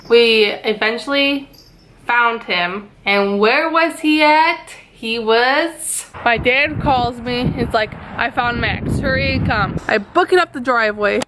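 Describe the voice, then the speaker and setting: A young woman vlogger retelling a stressful day at home, animated and dramatic, tossing out rhetorical questions. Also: high voice, a little hiss or hum. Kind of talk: storytelling vlog. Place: home garage and yard, outdoors at times.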